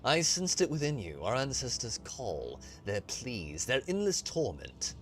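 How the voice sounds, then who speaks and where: A man voicing an ancient alien Harlequin mystic in a low, hushed, grave voice, reading a game aloud. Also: huge pitch swings, measured pace, a little hiss or hum.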